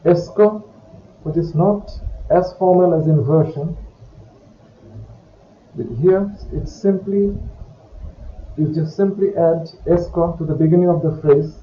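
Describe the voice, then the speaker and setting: A man teaching French grammar in a recorded lesson, explaining slowly and carefully. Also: on the high side. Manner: slow, careful, explanatory delivery. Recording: dull, echoey room with faint hiss.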